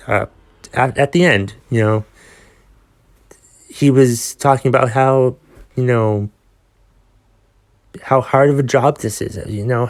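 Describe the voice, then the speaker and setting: A man hosting his own podcast, ranting with exasperated sighs, swearing and many restarts. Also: mid-range voice. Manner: exasperated, profane, sighing rant with restarts. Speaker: podcast host.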